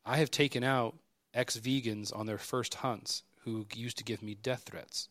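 A man telling stories with lively energy, breaking into quick snatches of other people's lines. His voice sits in an ordinary middle register. The recording is dry and close to the mic, with no room sound. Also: medium pitch, no echo. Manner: animated, acts out dialogue in quick bursts. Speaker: podcast guest. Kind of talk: casual storytelling.

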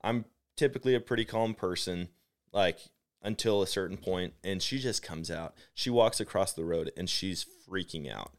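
Deep-voiced man telling a lively story. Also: moderate pace. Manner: animated storyteller, many "like" fillers. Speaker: podcast host. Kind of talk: casual podcast chat, storytelling.

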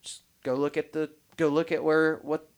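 A man hosting a podcast, telling stories in a rambling, animated way with many restarts. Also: on the high side, normal speed. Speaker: podcast host. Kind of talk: casual podcast chat.

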